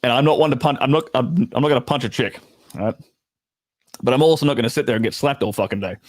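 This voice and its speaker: An Australian man tells a story in blunt, casual chat, swearing often and tossing in laughing asides. His voice sits at an ordinary middle pitch. The sound is close and dry, with no room echo. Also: fast talker. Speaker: storytelling host.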